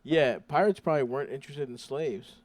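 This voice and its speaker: A man co-hosting a podcast, laid-back and profane, tossing in deadpan quips. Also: mid-range voice, brisk, no room sound. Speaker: podcast co-host. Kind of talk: crude comedic podcast banter.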